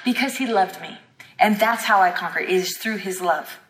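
A woman's voice: medium pitch, moderate pace, a bit bright. A woman teaching a sermon at a healing school, fervent and emphatic, acting out bits of dialogue as she goes. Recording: echoey hall with long reverb.

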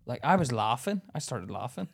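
A man's voice: medium pitch, brisk, creaky, husky. A man with a British accent, co-hosting a podcast and telling a story in casual chat, imitating others as he goes. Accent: British English. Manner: animated, mimics others in a sing-song voice. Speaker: podcast co-host.

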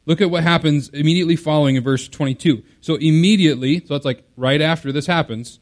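A man's voice: fairly high pitch, fast talker. A man preaching a sermon as a pastor, in a conversational, explaining way with casual fillers.

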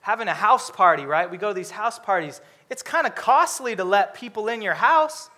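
A man preaching a sermon, lively and humorous, acting out characters with comic voices. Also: sits high, moderate pace.

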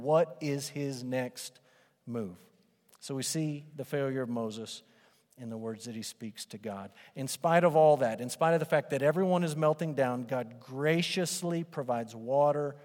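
Male pastor, slightly high voice, animated sermon delivery, long hall reverb. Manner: animated, acts out voices of doubters and Moses.

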